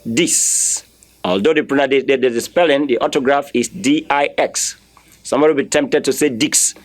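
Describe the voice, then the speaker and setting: A man teaching a French lesson, spelling words letter by letter and repeating them for learners to copy, firmly correcting common mistakes. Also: medium pitch. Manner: slow, drilling repetition with spelled-out letters. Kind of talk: online language lesson.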